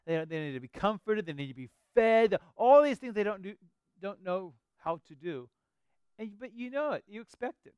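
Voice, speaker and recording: A man's voice: high-pitched, smooth, no echo. A middle-aged man preaching a sermon as a pastor, earnest and conversational with emphatic rises.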